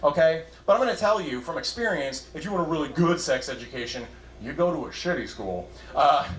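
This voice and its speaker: A man's voice: on the high side, expressive, fairly quick, a bit bright. A young man doing a stand-up set as host, self-deprecating and chatty with the crowd, speaking into a handheld mic on a club stage. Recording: roomy club sound. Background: audience laughter.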